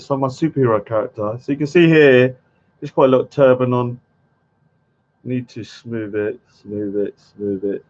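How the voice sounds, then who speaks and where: A man's voice: mid-range voice, normal speed, darkish tone. A man chatting on a livestream and muttering to himself as he searches for things. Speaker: livestreaming artist. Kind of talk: casual livestream chat. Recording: dull lo-fi stream audio.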